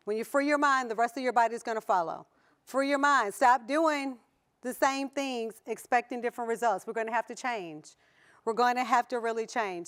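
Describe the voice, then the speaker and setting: A woman's voice: on the high side, a bit bright. A woman with a Southern US accent giving a motivational conference talk to an audience, playful, laughing often and putting questions to the crowd. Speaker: conference keynote speaker. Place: conference hall before an audience.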